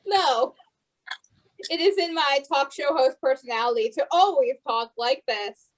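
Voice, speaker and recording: High-voiced teen girl improviser. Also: a little slow, low-quality recording. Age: teens. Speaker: improv performer. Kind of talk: improvised comedy scene.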